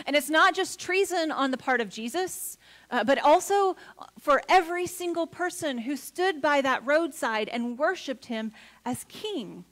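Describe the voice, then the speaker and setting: In a church sanctuary, a woman pastor with a high voice preaches a sermon earnestly. She builds to emphatic points and then drops to a soft tone.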